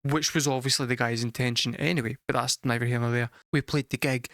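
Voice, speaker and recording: Young Scottish streamer, mid-pitched, lively and sweary, spinning a yarn for chat on a dry mic. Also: male voice, fast talker, no echo. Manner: animated, swears freely, laughs through the punchlines. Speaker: music reaction streamer. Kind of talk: casual storytelling to a live chat.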